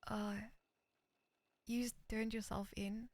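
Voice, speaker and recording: Slow and a little mellow, this woman's fairly high voice barely shifts in pitch as she stays in character for a western roleplay chat. She's a roleplay streamer who reads messages aloud hesitantly, frequently slipping into a whisper, on a dry recording.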